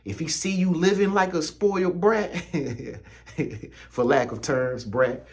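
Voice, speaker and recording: A man's voice: fairly high pitch, takes it slowly, creaky, a little mellow. Slangy preachy man talking straight to you. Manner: preachy, slangy, repetitive, addresses viewer directly. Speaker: spiritual content creator. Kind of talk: casual motivational spiritual talk.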